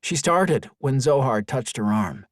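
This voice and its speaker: Lively male audiobook narrator, dry sound. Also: medium pitch, unhurried, no echo. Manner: expressive storytelling. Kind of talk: scripted narration.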